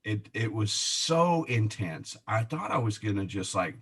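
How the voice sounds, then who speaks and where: A man telling a personal faith story in conversation, animated and laughing often, with many restarts. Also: fairly low pitch, unhurried, husky. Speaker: guest.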